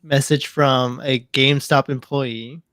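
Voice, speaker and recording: A male guest creator chatting casually on a livestream, telling a relaxed story. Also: mid-range voice, unhurried, dry recording, studio quality.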